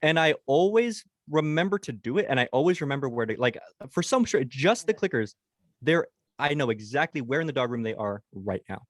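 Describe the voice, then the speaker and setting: A man's voice: mid-range voice, animated, brisk, no echo. A man, a dog trainer and guest podcaster, chatting casually and rambling with many fillers.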